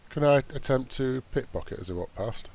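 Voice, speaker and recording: A man's voice: medium pitch, expressive, fairly quick, vocal fry, crowd noise. A man playing a tabletop game, hesitant and trailing off mid-sentence. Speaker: player. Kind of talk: casual tabletop play.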